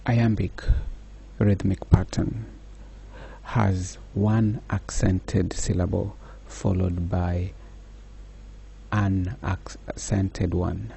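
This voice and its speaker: A man giving a slow, measured lecture, pausing often with fillers. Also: low-pitched, little pitch movement, vocal fry, mellow, slightly rough. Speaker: teacher. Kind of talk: recorded lecture.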